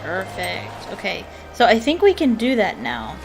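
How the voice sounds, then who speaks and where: A woman's voice: mid-range voice, huge pitch swings, measured pace, faint music behind. A young woman casually commenting on a puzzle game, musing aloud and hesitant, with many fillers. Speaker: let's play gamer.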